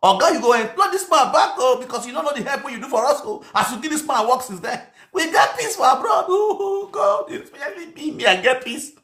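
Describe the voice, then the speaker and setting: A man with a Nigerian Pidgin accent voicing a wailing, mock-crying man begging the governor with theatrical sobs and shouts. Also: very animated, a little fast, few pauses, exaggerated voice. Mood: mock pleading. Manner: shrill, theatrical sobbing and shouting. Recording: echoey room.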